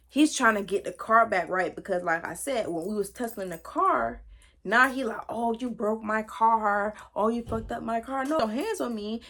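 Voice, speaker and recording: A young woman spins a story from her own past for her viewers with a lot of energy. She talks in in a loose, slangy way and keeps calling out "y'all." Her voice sits at an ordinary middle pitch for a woman. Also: a bit bright. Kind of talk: casual storytime vlog.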